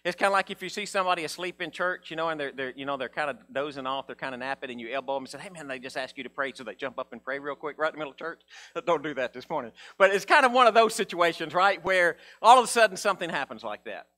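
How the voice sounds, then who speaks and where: A man preaching a sermon in a casual, conversational way, acting out Bible figures in a low mumble. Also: lively intonation, quick pace, sharp tone. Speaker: pastor.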